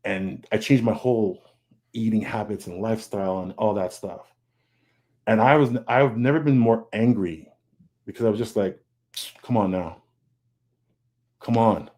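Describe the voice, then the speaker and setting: A man's voice: fairly low pitch, a little slow, long pauses, a little mellow. A man on a video call panel, talking earnestly and candidly, often repeating words and quoting his own thoughts. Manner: earnest, confessional, repeats words, quotes himself. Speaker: comic artist guest.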